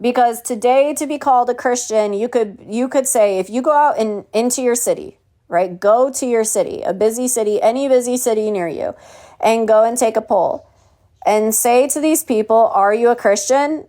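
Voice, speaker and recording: A woman with a fairly high, warm voice speaks a little quickly as she leads a home Bible study. Her sermon is preachy and mocking, full of rhetorical questions and scripture read aloud.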